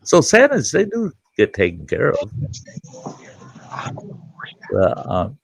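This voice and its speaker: A middle-aged man hosting a livestream, telling a rambling folksy story and jumping into loud voices for the people in it. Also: mid-range voice, wildly swooping pitch, takes it slowly, gravelly, pauses often, a little hiss or hum. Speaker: livestream host. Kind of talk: casual storytelling chat.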